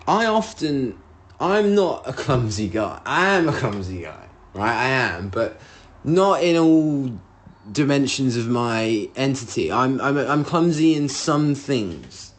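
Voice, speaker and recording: A man hosting a solo podcast, telling a rambling story with lots of swearing and acted-out outbursts of his own. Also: mid-range voice. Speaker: podcast host.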